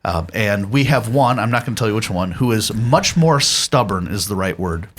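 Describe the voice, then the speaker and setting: A man's voice: lowish voice, moderate pace. A man in his forties who leads church youth ministry, telling stories and giving earnest parenting advice as a podcast guest, chuckling often. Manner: earnest storyteller, chuckles often, steady pastoral tone. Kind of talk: casual parenting advice chat.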